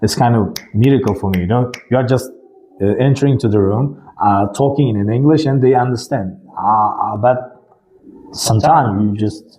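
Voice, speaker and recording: A man's voice: mid-range voice, normal speed, warm tone, a little hiss or hum, poor audio. A man from Uzbekistan with an Uzbek accent interviews a guest in English, his second language, hesitating and searching for words. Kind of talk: interview questions.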